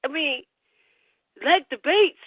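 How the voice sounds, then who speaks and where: A speaker on a radio talk show chatting casually, halting at times and then pressing a point. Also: high voice, heavy background noise. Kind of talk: casual chat. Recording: dry tinny phone-line audio.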